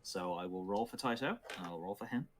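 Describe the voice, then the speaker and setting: A man acting as dungeon master, calmly narrating dice rolls and the action of a tabletop game. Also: sits low, a little fast, slight background noise.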